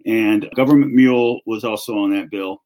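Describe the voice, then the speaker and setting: A man's voice: fairly low pitch, moderate pace, poor audio. Southern man telling his story. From North Carolina. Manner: relaxed storytelling with frequent restarts. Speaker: author and music journalist. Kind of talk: conversational interview answer.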